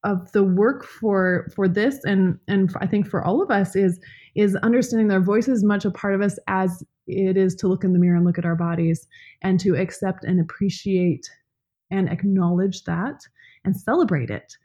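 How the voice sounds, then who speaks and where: A woman's voice: mid-range voice, normal speed, dark tone, lo-fi sound. A woman in casual podcast talk, smiley and chatty, often restarting her sentences. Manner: smiley, talkative, many restarts. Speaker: podcast co-host, yoga teacher.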